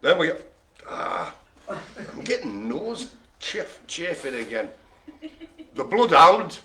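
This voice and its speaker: Brief: man in his own voice as a jokey bingo caller, bright and forceful, with a slightly higher voice than most men. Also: big pitch swings, slow pace. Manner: playful, teasing, theatrical asides. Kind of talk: jokey live online bingo calling.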